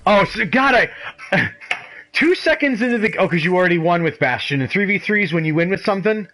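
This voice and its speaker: A man's voice: high-pitched, animated, fairly quick, bright, forceful tone, low-quality recording. A young man streaming a game, chatting casually and laughing often. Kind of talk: casual gaming chat.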